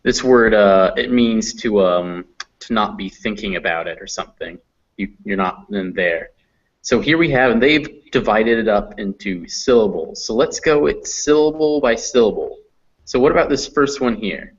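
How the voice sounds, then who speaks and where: A man's voice: on the low side, lively intonation, moderate pace. A man teaching English pronunciation in a live online lesson, patiently modelling sounds and encouraging students. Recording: dull lo-fi stream audio.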